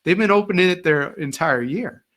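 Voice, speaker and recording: This man speaks in a high voice at a moderate pace. He's middle-aged, once a teacher, and he animatedly performs the voices he quotes while telling stories as an interview guest in a casual conversation.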